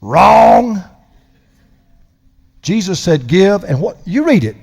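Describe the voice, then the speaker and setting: An older man delivers a sermon from the pulpit, emphatic and slowing down to stress the lines that matter. His voice sits high and swings widely in pitch. A long reverb from the large church hall trails behind each phrase. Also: big pitch swings, creaky, darkish tone, breathy edge. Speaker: pastor.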